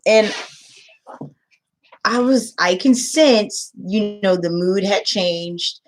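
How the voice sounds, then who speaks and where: A woman's voice: medium pitch, drawn-out words. A woman who tutors English online, telling a story to camera in casual chat and acting out the quotes. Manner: emotional storytelling, acts out quotes.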